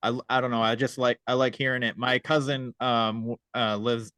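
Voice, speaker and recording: A man's voice: mid-range voice, flat delivery, normal speed, a bit bright, clean tone, no room sound, clean studio sound. Laid-back male podcast host. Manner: laid-back, filler-heavy. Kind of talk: casual chat.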